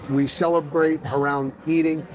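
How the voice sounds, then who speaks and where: A man, a fitness coach chatting as a podcast guest, blunt and profane, telling animated stories. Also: a little high, moderate pace, low-quality recording. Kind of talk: casual podcast chat.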